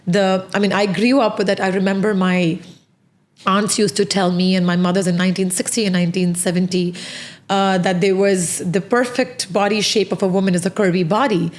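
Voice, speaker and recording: A woman's voice: mid-range voice, fairly even intonation, a little fast. A woman in her thirties hosting a casual interview chat. She talks passionately and with animation, often restarting her sentences. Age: 30s. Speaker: podcast host.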